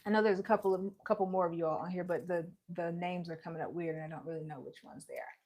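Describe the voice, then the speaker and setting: A woman's voice: fairly low pitch, steady tone, quick pace, darkish tone. A woman hosting a casual embroidery livestream from home, chatty and joking, laughing often and greeting viewers by name. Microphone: live-streaming setup.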